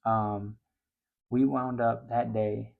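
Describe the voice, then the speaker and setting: Animated man telling a fishing story. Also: slow pace, creaky, phone-quality sound. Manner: animated, gets loud and high when excited. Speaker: fishing show host. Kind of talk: casual storytelling.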